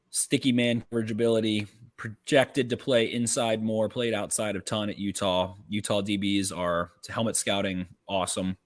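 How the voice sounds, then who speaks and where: A man co-hosting a podcast, giving quick, profane football analysis in casual chat. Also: fairly low pitch. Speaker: podcast co-host. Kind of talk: casual draft-night chat.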